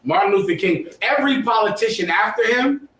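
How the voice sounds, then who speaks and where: A man's voice: sits high, lively intonation, brisk, a bit bright. A man teaching a history class, lecturing emphatically and quizzing his students. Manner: emphatic, preachy, asks the class questions. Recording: echoey room, mic far off.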